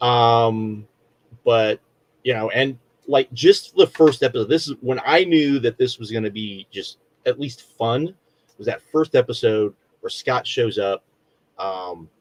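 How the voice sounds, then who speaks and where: A man's voice: medium pitch, a little slow, no room sound, rough recording. A middle-aged man co-hosting a podcast, chatting casually and rambling through a review with lots of fillers and restarts. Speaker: podcast co-host.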